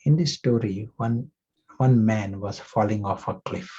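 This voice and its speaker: Slow, husky-voiced male spiritual teacher. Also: on the low side. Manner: gentle, reflective, asks the class questions. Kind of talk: spiritual class talk with a parable. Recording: muffled lo-fi recording.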